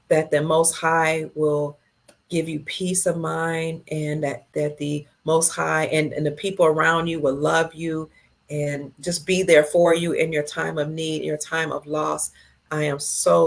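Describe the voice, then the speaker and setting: A middle-aged woman hosting a casual livestream, reading viewer comments aloud and answering them slowly and tenderly. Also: low-pitched, vocal fry.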